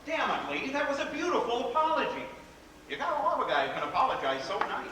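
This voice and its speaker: A man's voice: very high voice, sing-song, fast. A man playing a whimsical stagey storyteller. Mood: rueful. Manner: theatrical, playful storytelling with grand flourishes. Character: whimsical, fast-talking, rebellious grown man. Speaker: stage actor. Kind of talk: live stage play acting. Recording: echoey theater hall from far off, faint noise.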